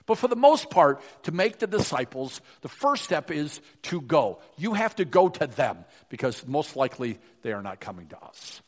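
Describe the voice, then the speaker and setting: A male pastor preaching a sermon, swinging from emphatic rises to hushed drops. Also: fairly high pitch, sing-song, normal speed, few pauses. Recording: long reverb of a large hall.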